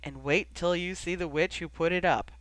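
A man reading aloud gives us a cheerful young dragon keeper who jokes his way through a grim night, light and teasing, with a fairly high voice. It sounds close and dry, with no room around it. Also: normal speed, a bit bright, no echo.

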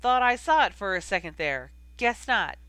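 Reader doing a cocky young guy teasing his rival, bright, barely changed from the narration. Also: medium pitch, takes it slowly, smooth, no echo, heavily acted. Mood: cheerful. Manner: even, cheerfully needling. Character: cheerful cocky young male seeker. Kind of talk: audiobook reading.

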